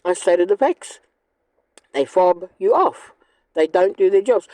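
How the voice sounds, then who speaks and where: A woman's voice: medium pitch, expressive, moderate pace, mellow, no room sound, poor audio. A woman, ranting angrily and bluntly in a monologue, swearing often. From New Zealand. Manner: angry, blunt, profane. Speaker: vlogger.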